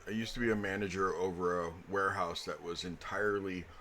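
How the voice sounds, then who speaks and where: A man's voice: low-pitched, steady tone, a little fast, bright, forceful tone, a little hiss or hum. A man serving as game master, chatting casually and rambling through a story with lots of fillers. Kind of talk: casual table chat between game sessions.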